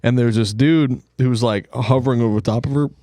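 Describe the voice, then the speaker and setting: A man at an ordinary middle pitch telling a rambling story, full of fillers and acted-out voices. His voice sounds close and dry, with no room around it. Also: fairly even intonation, a little fast, dark tone, no room sound. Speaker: podcast host or guest. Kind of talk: casual storytelling.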